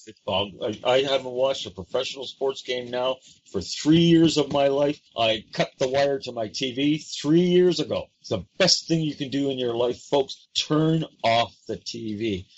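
A man's voice: mid-range voice, animated, moderate pace, hardly any pauses. A man hosting a talk show, speaking earnestly and emphatically, often repeating words for effect. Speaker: show host. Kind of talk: impassioned talk-show chat. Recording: dull lo-fi audio.

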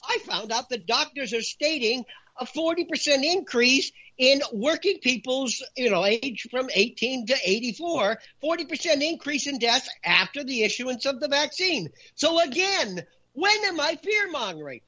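A man talking in an animated opinion chat, raising his voice for emphasis. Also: extremely high pitch, moderate pace, husky, lo-fi sound. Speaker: talk show guest.

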